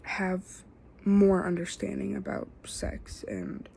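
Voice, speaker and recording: Gravelly-voiced young woman rambling. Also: mid-range voice, sing-song, dark tone, a little hiss or hum. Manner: halting, filler-heavy, self-correcting. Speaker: student. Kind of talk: casual spoken self-assessment.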